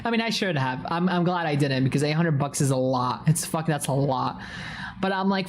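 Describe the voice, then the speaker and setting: A woman livestreamer chatting casually with her viewers, swearing constantly and telling a story with big swings in pitch. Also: expressive, normal speed, a little mellow, slight background noise. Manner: greets chat viewers by name.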